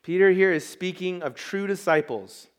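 A man's voice: high-pitched, normal speed. A man preaching a sermon as pastor, emphatic and conversational, with asides to the congregation.

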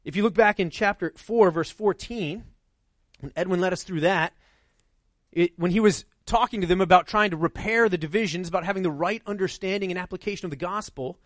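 A man's voice: sits high, a little fast, no echo. A middle-aged male pastor preaching a sermon in a conversational way, often checking in with "right?".

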